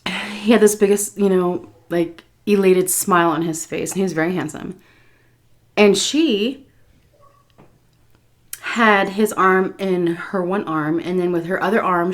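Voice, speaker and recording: A woman food vlogger telling a story while she eats, animated, with swearing and laughter. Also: on the low side. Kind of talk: story time while eating.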